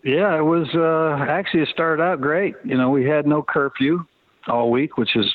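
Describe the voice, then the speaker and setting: A man's voice: on the high side, moderate pace, a little hiss or hum. A man around sixty telling stories bluntly and casually, with cursing, as an interview guest. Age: 60s. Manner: blunt, laid-back storytelling with cursing. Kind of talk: storytelling interview answers. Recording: phone-line sound.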